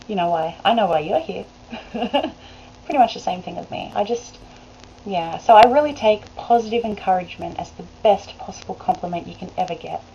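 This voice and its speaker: A woman's voice: on the low side, mellow. A woman, chatting casually to a webcam in a rambling way that is full of laughs. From Australia. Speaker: vlogger. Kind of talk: casual chat to camera. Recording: dull lo-fi webcam recording with faint hiss.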